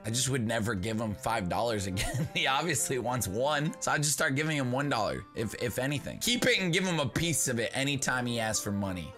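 A young man giving casual comedic commentary as a YouTuber, excitable, swearing freely and laughing often. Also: mid-range voice, a little fast, few pauses, over music. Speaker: YouTuber reacting to online posts.

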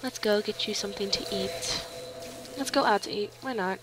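A woman giving casual, excitable commentary while playing a life-sim game, giggling and reading on-screen text aloud. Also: mid-range voice, normal speed, noisy background. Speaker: let's play gamer. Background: faint game music.

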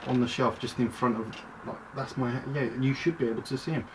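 A man chats loosely through a toy review vlog, interrupting himself and looping back to earlier points at a fairly quick clip. His medium-pitched voice is picked up from a distance at home, over clear background noise and clicking plastic.

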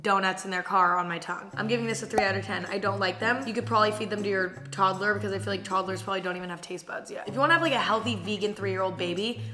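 Bright young woman, blunt casual vlog talk. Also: medium pitch. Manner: blunt, candid, swears casually, drawn-out reactions. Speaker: vlogger. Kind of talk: casual snack taste-test vlog. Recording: faint music underneath.

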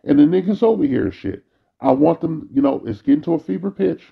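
A man's voice: on the high side, animated, fast, vocal fry, breathy edge, phone-quality sound. A man delivering a bitter, weary, profanity-heavy monologue as a vlogger. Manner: bitter, weary ranting, frequent cursing.

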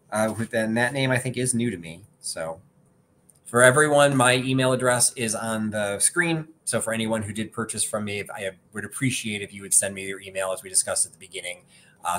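A man's voice: on the low side, a bit bright, a little hiss or hum. Chatty man auctioning old linens. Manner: chatty, rambling, self-deprecating. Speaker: auction seller. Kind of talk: live online auction chat.

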